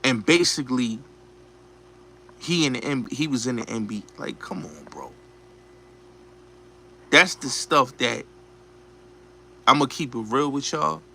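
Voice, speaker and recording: A man's voice: mid-range voice, expressive, a little slow, long pauses, pushed and bright, a little hiss or hum. A man hosting a show, delivering a blunt, profane, repetitive ranting commentary. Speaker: show host.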